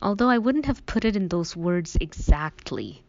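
A woman voicing a calm, motherly middle-aged mom in a higher, gently reasoning tone. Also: normal speed, dry recording, natural voice. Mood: gently firm. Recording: dull, dry studio sound.

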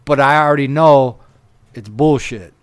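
A man casually telling a rambling, profane story on a podcast, getting louder and laughing as it goes. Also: mid-range voice, a little slow, clean tone, dry recording.

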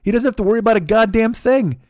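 A man's voice: high-pitched, quick pace, no echo, studio quality. A middle-aged man from the Midwest hosting a podcast, ranting casually with lots of swearing and stumbling restarts. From Chicago, USA. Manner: profane, animated, stumbling restarts. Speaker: podcast host.

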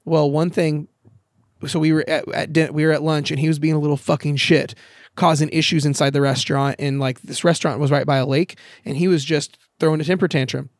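Candid, casual, higher-voiced man. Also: level tone, fairly quick, no room sound, studio quality. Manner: candid, swears freely, storytelling with quoted dialogue. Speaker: podcast guest. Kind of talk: casual conversation. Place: outdoors in a backyard.

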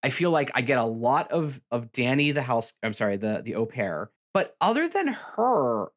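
A man's voice: medium pitch, sing-song, normal speed. Rambling male podcast co-host. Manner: rambling, restarts often, acts out quotes. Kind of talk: casual chat reviewing a TV show.

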